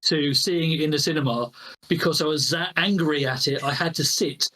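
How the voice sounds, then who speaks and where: Man telling stories, animated, high. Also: normal speed, a crowd in the background, poor audio. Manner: animated, self-mocking storyteller who laughs often. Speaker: podcast guest, game store owner. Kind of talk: casual video-call podcast chat.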